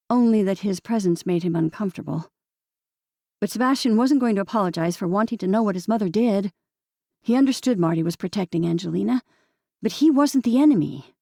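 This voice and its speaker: A woman narrating an audiobook in a calm, steady storytelling manner. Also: medium pitch, vocal fry, no echo, clean studio sound. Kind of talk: scripted narration.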